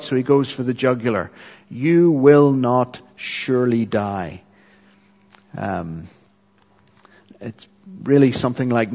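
A man preaching an expository sermon, teaching earnestly with filler ums and the odd dry aside. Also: medium pitch. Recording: dull, lo-fi hall recording.

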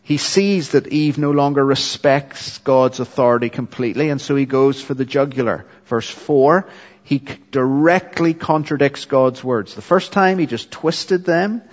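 A man preaching an expository sermon with earnest, steady teaching and occasional ums. His voice carries a long reverb, as if recorded in a large hall. The sound is somewhat dull and lo-fi. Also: mid-range voice, unhurried.

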